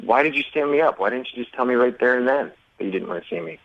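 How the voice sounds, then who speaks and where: A man's voice: mid-range voice, animated, fast, dry recording. An earnest man who sounds hurt and gets very sentimental about his feelings. He speaks in a mid-range voice through a muffled, lo-fi phone line on the radio. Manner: earnest, wounded, overly sentimental. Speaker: caller.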